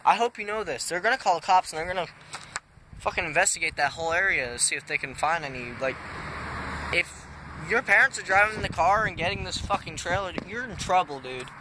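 A man's voice: high-pitched, lively intonation, fairly quick. A young man vlogging in an exasperated, swearing rant, saying dude a lot, his voice cracking. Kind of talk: casual vlog rant. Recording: noisy home-made recording.

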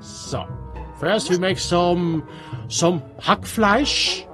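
A man with a Swiss German accent, a native Swiss German speaker, giving halting gameplay commentary in English with many restarts. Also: high voice, lively intonation, faint music behind. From Switzerland. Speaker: let's player.

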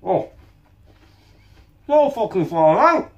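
A man with a high voice and big pitch swings talks slowly while hosting a casual cooking vlog. His banter is blunt, jokey, and full of swearing, and he sometimes talks with his mouth full while tasting. The recording is muffled and the room echoes.

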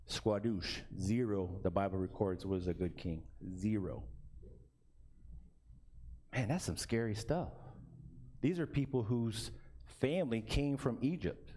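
A man's voice: mid-range voice, warm tone. Male pastor, casual sermon style, asks the room "right?" a lot. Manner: asks the congregation "right?" often, with bursts of laughter. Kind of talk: conversational sermon. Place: church sanctuary.

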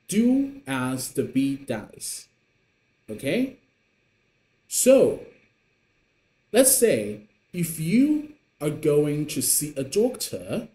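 A man teaching a beginner Mandarin lesson in English, patient and encouraging, showing the tones with his voice. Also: dark tone. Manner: slow, patient, pitch swinging up and down to show tones. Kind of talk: online language lesson. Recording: echoey room.

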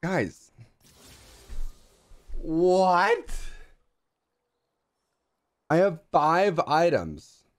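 A young man streaming a strategy game, chatting casually in slang and getting hyped, with squealing jumps when excited. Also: medium pitch, a little slow. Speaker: gaming streamer. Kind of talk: casual gameplay commentary.

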